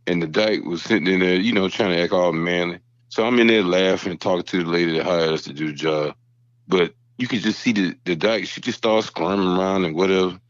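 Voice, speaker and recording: Relaxed male co-host, storyteller, dry lo-fi sound. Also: deep voice, brisk, dry recording. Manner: laid-back, tells anecdotes, agrees often. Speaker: podcast co-host. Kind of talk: casual chat, storytelling.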